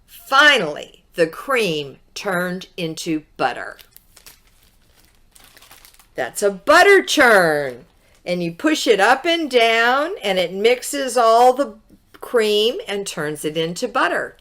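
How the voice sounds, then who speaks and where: A woman teacher reading a picture book aloud to children, gently asking her young listeners questions. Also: medium pitch, sing-song, takes it slowly. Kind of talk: children's read-aloud storytelling.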